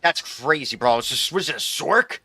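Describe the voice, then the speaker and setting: A young man streaming live, commenting on his gameplay in an excitable, profane, rambling way. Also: on the high side, moderate pace, breathy edge, dry recording.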